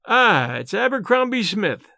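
A man's voice: high-pitched, sing-song, unhurried, creaky, pushed and bright, no echo, studio quality, voice pushed up, full character voice. A man reading an audiobook and voicing a shaken, secretive male scholar who speaks in a faltering, breathless way. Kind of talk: audiobook character voice.

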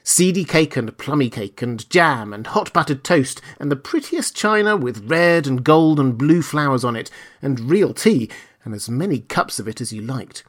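A man reading a children's story aloud, in a gentle and expressive storytelling manner. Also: mid-range voice, normal speed.

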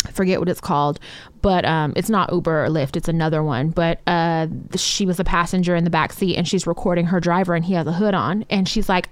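A woman co-hosting a podcast in casual chat, animated and quick to laugh, swearing freely. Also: lowish voice, no room sound. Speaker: podcast co-host.

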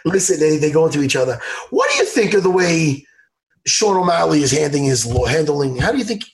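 An excitable man hosting a podcast, chatting casually with a co-host. His voice sits high, and his pitch leaps around as he gets worked up and acts out other people's lines. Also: brisk. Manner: animated, excitable, laughs a lot, acts out impressions loudly. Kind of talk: casual chat.

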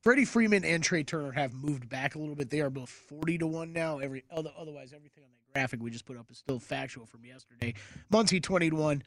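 A man co-hosts a sports betting show and reads odds in quick, matter-of-fact updates. His voice is a little high and gravelly, and it sounds dry and close. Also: dry recording. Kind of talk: casual sports talk.

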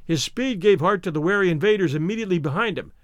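A man's high, expressive audiobook narration. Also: quick pace, no echo, clean studio sound.

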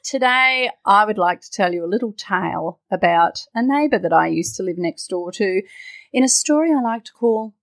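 A woman's voice: mid-range voice, expressive, moderate pace, dry recording. A woman co-hosting a podcast and telling a story in a playful, joking way. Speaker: podcast co-host. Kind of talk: casual chat.

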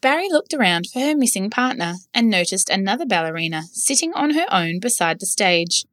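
A woman reads a children's story aloud, gentle and clear. Her voice sits mid-range and sounds close and dry. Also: medium pitch, sing-song, a little fast, no echo.

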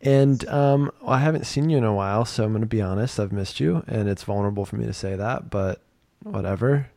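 A man's voice: fairly low pitch, fairly quick, vocal fry, warm tone, no room sound. A man hosting a podcast, chatting casually with a friend, joking and often mocking himself. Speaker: podcast host.

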